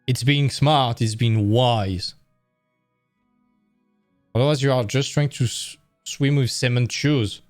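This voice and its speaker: A man's voice: mid-range voice, slow pace, pauses often, faint music behind. A tired man hosting an art stream, talking casually and correcting himself as he goes. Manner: rambling, self-correcting, conversational. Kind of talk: casual live-stream talk.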